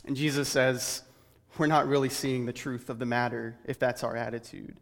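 A man's voice: medium pitch, fairly even intonation, normal speed, gravelly. A man preaching a sermon earnestly, building his points through rhetorical questions. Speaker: pastor. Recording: long hall reverb.

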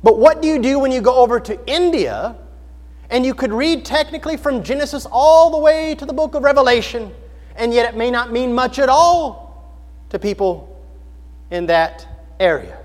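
A male preacher delivering a sermon with a high-pitched voice. He speaks earnestly, asks the congregation questions and repeats phrases for emphasis. His voice carries with a long reverb in a large hall. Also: lively intonation, moderate pace, a little mellow. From United States.

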